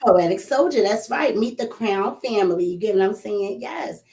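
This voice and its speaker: A woman's voice: mid-range voice, animated, normal speed, a little mellow. A woman with a Philadelphia accent hosting a playful, casual interview, bubbly and teasing. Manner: bubbly and teasing, lots of slang. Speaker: interview host.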